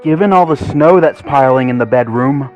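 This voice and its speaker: A man's voice: mid-range voice, normal speed, dull audio, soft background music, pitched above the performer's own voice, natural voice. A man voicing a male Great Dane who talks tersely and tries to hide his shivering in a horror story reading. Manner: terse, trying to sound steady.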